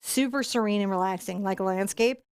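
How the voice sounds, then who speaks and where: A woman teaching a live painting tutorial in a soft, soothing voice as she paints. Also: medium pitch, a little fast, smooth, no echo. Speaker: painting instructor.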